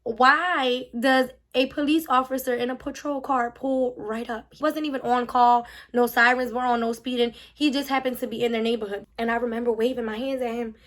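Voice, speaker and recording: A young woman telling a storytime vlog, emphatic and animated, acting out the quotes. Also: on the high side, normal speed, hardly any pauses. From Philadelphia. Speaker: vlogger.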